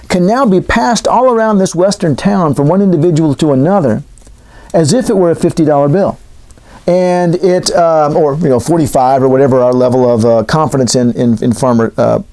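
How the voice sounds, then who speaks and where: A man's voice: fairly high pitch, vocal fry, a little mellow. A man teaching in a casual, joking lecture style, wandering into asides. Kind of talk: classroom lecture.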